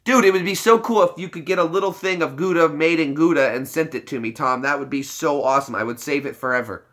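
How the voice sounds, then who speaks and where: A man's voice: a little high, fast talker, fairly bright tone. A young American man hosting a casual livestream chat, joking around, playing with words and laughing often. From United States. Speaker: livestream host.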